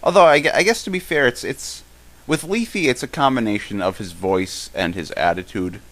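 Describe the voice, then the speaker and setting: This young man's voice sits at medium pitch with a slight brightness. Co-hosting a casual live-stream Q&A podcast, he rambles through his thoughts, halting and restarting often.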